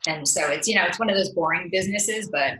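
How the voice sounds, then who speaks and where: Lowish, bright woman in a roomy echo. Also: quick pace. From New Jersey. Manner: upbeat, laughs easily, reflective. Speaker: guest entrepreneur. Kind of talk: casual interview chat.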